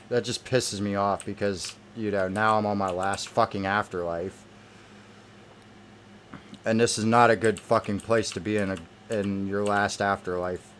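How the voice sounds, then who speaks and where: A man's voice: lowish voice, a bit bright, slight background noise. A man giving gameplay commentary, irritated and cursing heavily as he plays. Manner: irritated, heavily profane ranting. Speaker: gamer.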